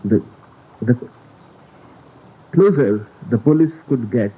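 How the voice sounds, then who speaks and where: Slow, husky man on a tinny recording. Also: medium pitch. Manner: slow, deliberate, emphatic delivery. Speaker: spiritual teacher. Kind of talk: spiritual discourse.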